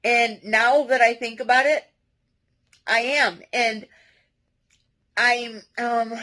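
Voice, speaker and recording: Earnest, halting woman vlogger. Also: a little high, a bit bright, low-quality recording. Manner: earnest and halting, with many restarts; speaks directly to viewers. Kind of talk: personal confessional vlog.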